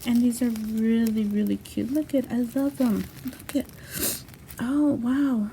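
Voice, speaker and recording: Gushing woman with a gravelly edge. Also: on the high side, fairly even intonation, unhurried, dark tone, slight background noise. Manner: gushing, effusive, many "you know" fillers. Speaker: craft channel host. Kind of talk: casual unboxing chat.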